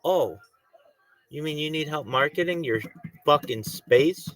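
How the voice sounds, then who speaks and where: A man's voice: a little high, unhurried, pauses often, a bit bright, low-quality recording. A man livestreaming, chatting casually and ranting in a crude, profane, mocking way. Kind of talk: casual livestream chat and rant.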